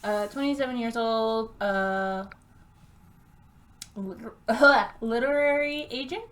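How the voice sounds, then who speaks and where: Her voice is fairly high and bright as she plays a game on stream, chatting and reading the on-screen text aloud. Laughter comes easily, and she takes the reading slowly, tripping up on names she doesn't know.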